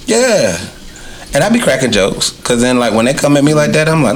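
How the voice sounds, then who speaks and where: A man in casual podcast chat, telling stories in a blunt, profane, animated way. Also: medium pitch, a little fast, slight background noise. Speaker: podcast co-host.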